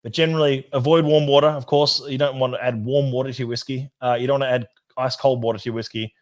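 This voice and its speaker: A chatty man hosts a relaxed whisky livestream at a mid pitch. He talks loosely, rambles a little and answers viewer comments as they come in, laughing easily. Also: quick pace. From Australia. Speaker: whisky society host. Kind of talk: casual livestream chat.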